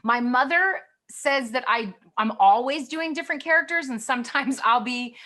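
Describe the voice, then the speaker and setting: A middle-aged woman, a guest actress, talking candidly in a lively, expressive way and laughing often. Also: high voice, normal speed. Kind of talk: candid conversation.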